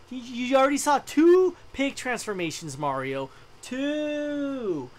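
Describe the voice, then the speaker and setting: Excitable, foul-mouthed woman gamer. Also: sits high, a little slow. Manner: profane, blunt and excitable, reacts loudly. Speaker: let's play gamer. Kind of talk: casual game commentary.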